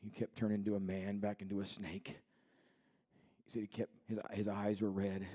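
A man in his thirties preaching a sermon in a church, moving between quiet storytelling and shouted, fervent preaching. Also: on the low side, monotone, moderate pace, husky. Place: church sanctuary.

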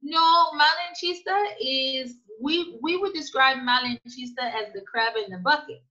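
Speaking in a high-pitched, unhurried voice, an immigrant business owner appears as a guest in a conversational interview. She tells her stories with emphasis and animation, performing the quoted lines, though the audio sounds dull.

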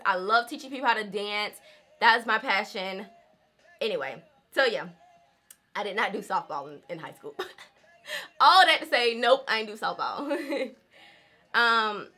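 A woman vlogger with a slightly high voice and a sharp tone chats casually with her viewers while doing her hair. She laughs often and calls them y'all.

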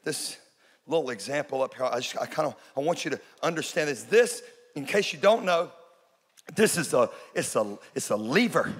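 A Texan man in his forties, a pastor preaching a sermon, telling stories and building to loud peaks. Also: a little high, expressive, moderate pace, husky. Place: church auditorium. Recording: large room with long reverb.

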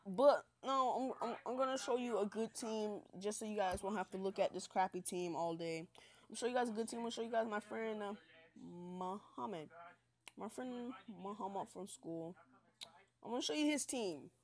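A young woman talks over her gameplay in a casual, chatty way, hyped and poking fun at herself. She has been up all night, and it shows in her loose, rambling delivery. Her voice sits at an ordinary middle pitch. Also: normal speed. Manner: hyped, chatty, self-mocking. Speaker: gaming channel host.

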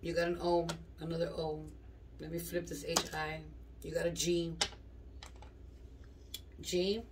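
A woman's voice: deep voice, little pitch movement, a little slow. Blunt, profane woman reading tarot from a distance. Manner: blunt, profane, slangy, rambling. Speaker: tarot reader. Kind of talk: casual tarot reading to viewers. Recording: distant mic with clear background noise and clicks.

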